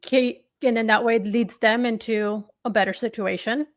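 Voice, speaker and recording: Woman, sports podcast host, fairly high voice, emphatic, talks in fragments, dry sound. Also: fairly even intonation, moderate pace, no echo. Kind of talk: casual sports talk.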